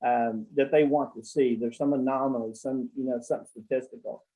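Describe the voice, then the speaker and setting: A man's voice: medium pitch, steady tone, brisk, warm tone, low-quality recording. A man who works as an accountant, telling blunt, salty stories in rambling casual talk on a call. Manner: rambling, with many fillers and restarts. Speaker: accountant guest.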